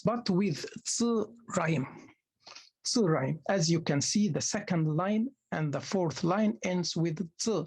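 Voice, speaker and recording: Guy lecturing, kinda husky voice, keeps repeating terms and restarting, patient explainer. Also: high voice, darkish tone. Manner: often restarts phrases with hesitant fillers. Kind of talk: classroom lecture.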